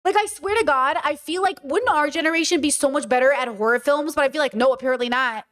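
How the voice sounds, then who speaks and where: A woman's voice: sits high, quick pace, fairly bright tone. A woman streamer reacting to a video, ranting bluntly and swearing in casual chat.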